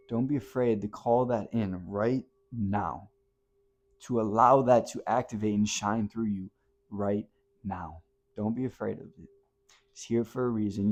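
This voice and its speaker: Slow, impassioned motivational man. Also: medium pitch. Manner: impassioned, swinging from hushed to loud; blunt, swears casually. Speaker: motivational speaker. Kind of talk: motivational talk to camera.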